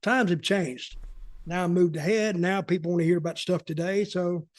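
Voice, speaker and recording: A man's voice: high-pitched, steady tone, moderate pace, no echo. An American man chatting as a podcast co-host in a folksy, rambling way, often repeating his words. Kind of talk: casual storytelling chat.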